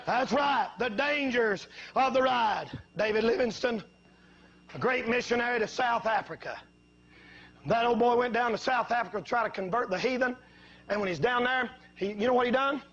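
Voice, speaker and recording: A male preacher with a strikingly high voice delivers a fiery revival sermon. He spins homespun stories and then climbs into shouted exhortations. The recording sounds dull and lo-fi. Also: normal speed. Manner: folksy storytelling that builds to shouting.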